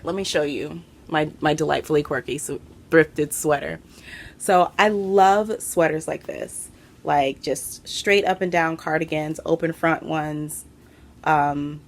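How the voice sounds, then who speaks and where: A woman's voice: on the low side, a little hiss or hum. Chatty, breathless woman podcaster. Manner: chatty and excitable, with fillers. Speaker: podcast host. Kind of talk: casual chat to camera. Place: home room.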